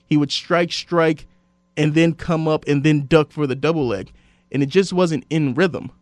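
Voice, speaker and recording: A man hosting a casual sports podcast, telling stories and quoting others in lively voices. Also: a little high, measured pace, no echo. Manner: animated storyteller, quotes others in voices. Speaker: sports radio host.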